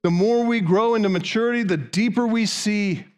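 A man's voice: high voice, normal speed, clear, resonant tone. A man preaching a sermon, driving his point with long runs of rhetorical questions. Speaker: pastor.

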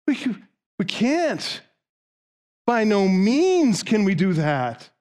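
Slow, clear-voiced male preacher. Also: high-pitched, very animated, darkish tone. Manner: rhetorical questions in long lists. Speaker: pastor. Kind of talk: sermon.

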